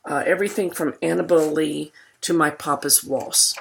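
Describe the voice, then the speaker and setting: A woman teacher giving a recorded poetry lecture, losing her voice and clearing her throat, reading verse slowly and deliberately. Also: low-pitched, fairly even intonation, slight background noise.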